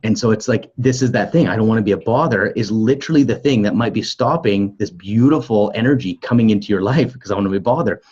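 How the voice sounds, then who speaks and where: A man co-hosting a relationship coaching podcast, telling lively stories and acting out other people's lines. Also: lowish voice, quick pace, few pauses, slightly rough, muffled recording. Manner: animated storyteller acting out quotes. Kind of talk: live coaching conversation.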